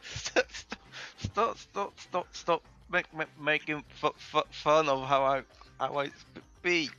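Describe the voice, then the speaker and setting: A man's voice: fairly high pitch, takes it slowly, pushed and bright, smooth, pitched above the performer's own voice, full character voice. A man voicing a timid young male hero who stutters heavily on every few words, in a slightly dull recording. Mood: flustered. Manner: heavy stutter.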